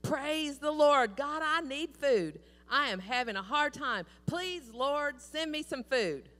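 A woman voicing an elderly woman who loudly praises God, shouting with joy. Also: high-pitched, expressive, slow, in a large hall, voice pushed up, exaggerated voice. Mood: pleading. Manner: loud, exultant shouting.

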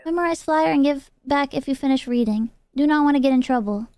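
A woman's voice: high voice, a little fast, darkish tone, no echo. A woman reading the lines of a friendly male smuggler from a video game, in choppy broken English.

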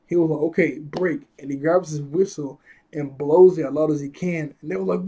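Chatty, rambling man with a mellow voice. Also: on the high side, steady tone, a little fast, slightly rough. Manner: rambling, chuckles often, corrects himself. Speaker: anime episode reviewer. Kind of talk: casual episode recap.

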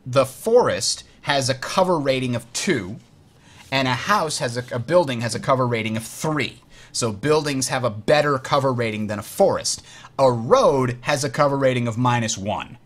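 A man hosting a board game tutorial, explaining rules in a chatty way and muttering while he works the software. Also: mid-range voice, lively intonation, normal speed. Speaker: host teaching a board game. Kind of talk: casual tutorial over online play.

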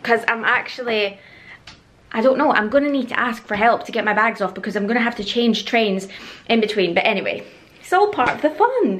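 A woman's voice: medium pitch, fairly quick. Chatty young woman vlogging. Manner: chatty, excitable, laughs often. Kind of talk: casual vlog chat to camera.

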